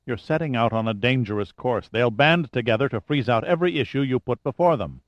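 A man's voice: medium pitch, lively intonation, fairly quick, dry recording, highs cut off, lightly acted. Man voicing anxious male aide, urgent, pleading.

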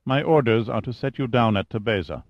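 A man's voice: mid-range voice, a little fast, no room sound, muffled recording, lightly acted. A man voicing a tense, cold military pilot who speaks in a curt, formal and dogged way.

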